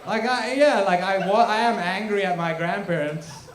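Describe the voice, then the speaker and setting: Young guy from south africa doing a crude rambly stand-up set, slightly high voice, echoey hall. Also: moderate pace, a little hiss or hum. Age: young adult. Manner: rambling, self-deprecating, crude. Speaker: stand-up comedian. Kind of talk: stand-up set at open mic. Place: large room or hall, live stage.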